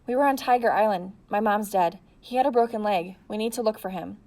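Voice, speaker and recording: A woman reading aloud and voicing a desperate teenage girl who pleads and shouts for help in a panic. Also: medium pitch, fairly quick, dry recording, lightly acted.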